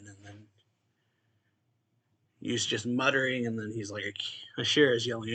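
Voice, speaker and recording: A man's voice: fairly low pitch, steady tone, normal speed, long pauses, sharp tone, slightly rough. A young man hosting a manga reaction channel, casually recapping a chapter in a loose, chuckling way full of filler words.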